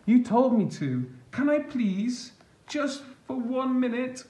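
Guy doing a begging kid voice, high and eager, bit roomy. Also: sing-song, takes it slowly, warm tone, full character voice. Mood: pleading. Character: eager pleading young boy.

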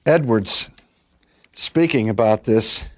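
An older man, a pastor, preaching a sermon and telling stories, dropping his voice soft and then pushing it strong for emphasis. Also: fairly low pitch, slow. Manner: storytelling, varies loudness from soft to emphatic.

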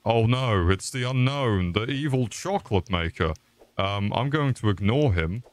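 A man's voice: lowish voice, lively intonation, measured pace, no room sound. A man streaming a game with casual, crude, joking commentary and frequent swearing.

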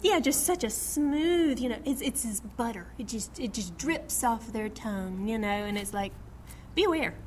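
Teaching a small Bible study group, a middle-aged woman reads passages aloud and performs quotes with plenty of laughter and animation. She speaks at a normal speed in a slightly high voice, and a little hiss or hum is audible.

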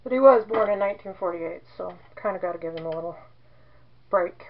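A woman's voice: lowish voice, brisk, dull audio. A woman in her forties chatting casually as she demonstrates soap making, rambling into joking asides. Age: 40s.

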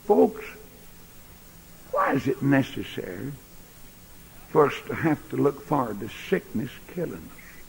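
A man preaching a sermon in a large church, folksy, swinging between loud bursts and quiet asides. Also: medium pitch, sing-song, measured pace, gravelly, long pauses. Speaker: pastor. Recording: echoey church hall recording.

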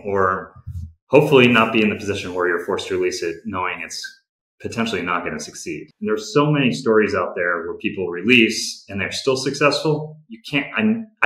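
Bright-voiced man in an echoey room. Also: fairly low pitch. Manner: candid, practical, with frequent restarts. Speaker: game company executive, interview guest. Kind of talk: conversational interview answers.

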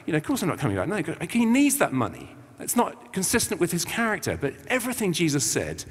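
A man's voice: on the high side, huge pitch swings, quick pace, husky. A man preaches in a loose, conversational way, his voice leaping up and down as he acts out little scenes with slang. His voice rings out in a church, trailing off in a long reverb. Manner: chatty and colloquial, acting out quotes with slang. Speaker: visiting preacher. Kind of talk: informal sermon.

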